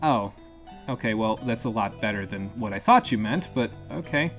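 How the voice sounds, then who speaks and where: A man's voice: on the low side, expressive, fairly quick, a bit bright, soft background music. A man live-streaming a video game, chatting casually and thinking aloud, with the occasional curse. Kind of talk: live gameplay commentary.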